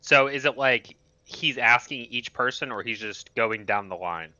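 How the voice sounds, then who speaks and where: Lo-fi voiced man, bright and tense. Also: mid-range voice, a little slow, no echo. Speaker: player. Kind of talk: playing a tabletop game in character. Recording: dull lo-fi mic.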